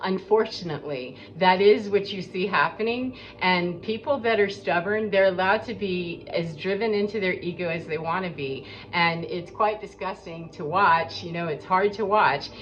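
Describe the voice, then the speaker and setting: A woman's voice: lowish voice, normal speed, hardly any pauses. A woman giving an earnest, rambling spiritual monologue as a coach, talking in a preachy way. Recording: dull lo-fi with faint background noise.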